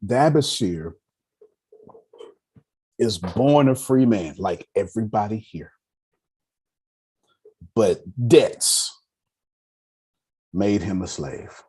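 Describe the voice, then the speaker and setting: Male finance teacher in his thirties, low husky voice, emphatic storyteller who repeats lines to drive them home. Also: drawn-out words, pauses often, dark tone. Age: 30s. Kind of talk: lively motivational lecture to a live audience.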